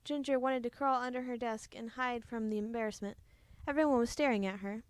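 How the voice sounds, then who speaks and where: Woman, storybook reader, high voice, gentle, expressive, dry close recording. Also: brisk, few pauses, clean tone, no echo. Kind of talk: reading a children's book aloud.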